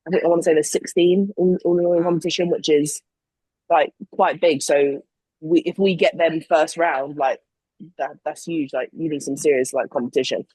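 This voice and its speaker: A woman's voice: low voice, steady tone, normal speed, mellow, breathy edge, no echo, poor audio. A young woman, co-hosting a casual sports podcast and telling stories with lots of fillers and apologies. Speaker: podcast co-host and flag football player. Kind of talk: casual chat.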